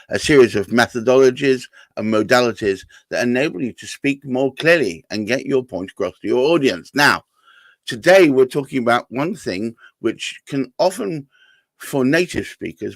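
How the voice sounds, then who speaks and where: A man's voice: medium pitch, vocal fry, no echo. Man, interview host, careful explainer, dry close sound. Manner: explanatory, careful, leading questions. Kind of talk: live-stream interview.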